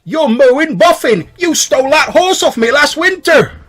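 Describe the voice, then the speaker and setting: A man voicing an angry male halfling villager who shouts shrill accusations. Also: animated, normal speed. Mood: furious.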